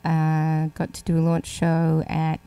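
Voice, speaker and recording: Laid-back Australian woman, slightly low voice. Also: a little slow, clear, resonant tone. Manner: relaxed, chatty, laughs easily. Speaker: guest singer-songwriter. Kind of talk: casual interview chat.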